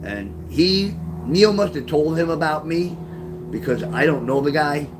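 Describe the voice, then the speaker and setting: A man's voice: fairly high pitch, lively intonation, unhurried, noisy background. A middle-aged man, casually telling a street story on his livestream, in a rambling, profane way. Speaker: author livestreaming to chat.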